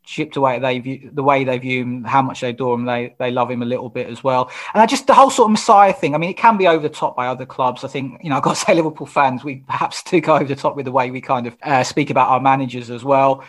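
A man hosting a podcast interview, asking questions in a quick, inquisitive way and thinking aloud as he goes. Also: medium pitch, a bit bright. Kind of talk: casual interview chat.

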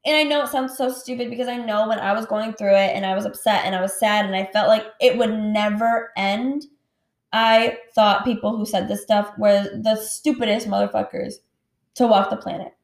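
A woman's voice: mid-range voice, fairly even intonation, normal speed. A woman hosting a casual solo podcast, talking candidly, swearing freely and saying "like" a lot. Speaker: podcast host. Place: home at night. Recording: roomy echo.

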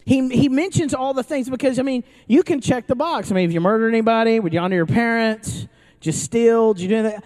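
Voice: medium pitch, brisk, darkish tone. Joking, conversational pastor preaching live. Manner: conversational and joking, with frequent restarts; asks the audience questions. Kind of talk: sermon to a live congregation. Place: church service before an audience, also streamed online.

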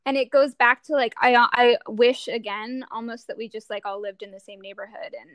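A young woman in casual chat, halting and searching for words as she talks. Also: fairly high pitch, dry recording.

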